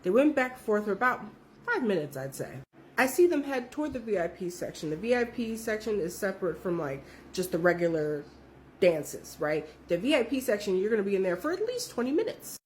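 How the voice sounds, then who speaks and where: A woman telling a story in a casual, profane, animated way, with her voice jumping up when she quotes people. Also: brisk, slight background noise. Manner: animated, profane, jumps high when quoting others.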